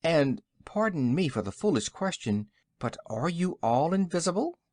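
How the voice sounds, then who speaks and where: A man voicing a sober, courteous old wizard in a storybook reading, a bit lower than his narration. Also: sing-song, normal speed, darkish tone, no echo, studio quality. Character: sober, polite elderly male wizard.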